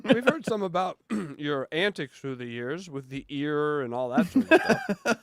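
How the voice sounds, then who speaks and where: Joking podcast man, higher voice. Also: big pitch swings, moderate pace, dry recording. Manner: joking, laughs often. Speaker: podcast co-host. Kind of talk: casual podcast chat.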